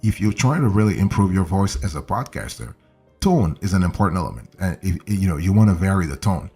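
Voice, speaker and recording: Older male voice coach in his seventies, low and husky, chatty teaching, soft music under. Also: expressive, a little fast. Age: 70s. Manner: conversational, repeats and restarts phrases, coaxing "okay?". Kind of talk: casual instructional talk.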